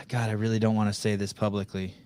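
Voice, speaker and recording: A man's voice: lowish voice, level tone, a little fast, a little mellow, clean tone. A man hosting a podcast, talking over a video call in a blunt, profane, rambling way. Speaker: podcast host. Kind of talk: casual interview chat.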